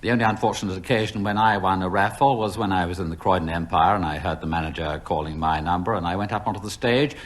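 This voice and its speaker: A man's voice: low-pitched, fast talker, hardly any pauses. A man on a comedy panel game telling a rambling anecdote on a 1970s radio recording.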